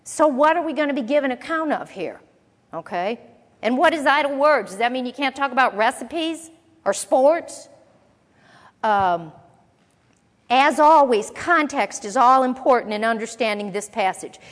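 A woman teaching a conversational Bible lesson, reading verses and explaining them with relaxed, playful asides. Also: sits high, moderate pace. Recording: long reverb of a large hall.

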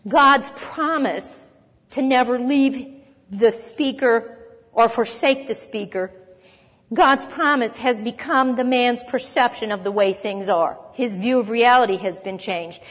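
A woman's voice: fairly high pitch, measured pace, fairly bright tone. Woman teaching scripture in a reverberant hall. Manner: earnest teaching, reads scripture aloud, occasional light laugh. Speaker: Bible teacher. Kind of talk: sermon.

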